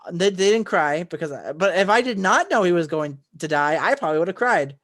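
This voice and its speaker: A man co-hosting a podcast, recapping a film in casual chat, excitable and rambling with lots of fillers and restarts. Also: high-pitched, brisk. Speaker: podcast co-host.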